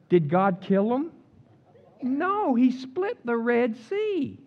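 A pastor preaches a sermon in a very high-pitched voice, taking his time, and the recording has its highs cut off. He is animated and jokey with the congregation, reading scripture aloud and acting out the complaining crowds in dramatic voices.

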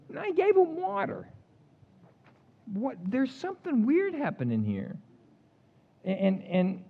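A man's voice: high voice, highs cut off. A man preaching a sermon, joking with the congregation and reading scripture aloud with dramatic voices for complaining crowds. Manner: animated, jokey, reads scripture aloud acting out the complainers. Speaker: pastor.

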